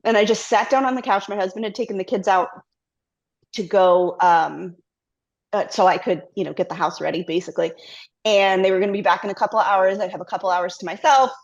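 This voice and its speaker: A woman's voice: mid-range voice, brisk. A middle-aged woman guest, a company CEO, telling her story candidly in a conversational interview and slipping into quoted self-talk. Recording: slightly muffled lo-fi audio.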